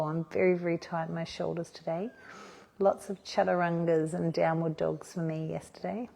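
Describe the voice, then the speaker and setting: A middle-aged woman coach, chatty and self-mocking, talking through purpose prompts and then gently guiding a yoga class. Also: fairly low pitch, little pitch movement, moderate pace, gravelly. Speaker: yoga and body confidence coach. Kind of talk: talk and guided yoga class.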